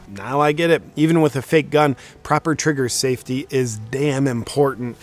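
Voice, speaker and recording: A young man hosting a video, delivering a sarcastic comedic monologue in a deadpan, mock-serious way. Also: medium pitch, normal speed, faint music behind. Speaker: video host.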